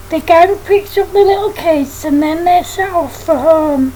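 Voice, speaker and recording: A woman reading her own children's story aloud in a plain, steady way. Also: extremely high pitch, unhurried, a little hiss or hum, rough recording.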